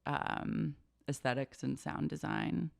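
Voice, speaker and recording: Gravelly, higher-pitched male podcast co-host. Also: steady tone, slow pace, no room sound, clean studio sound. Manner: chatty, retells scenes with quoted voices. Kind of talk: casual chat recapping a reality show.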